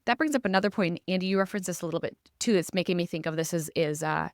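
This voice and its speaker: Low-pitched woman hosting a reflective podcast. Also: racing, no echo, clean studio sound. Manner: reflective, searching for words. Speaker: podcast host. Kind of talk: casual podcast discussion.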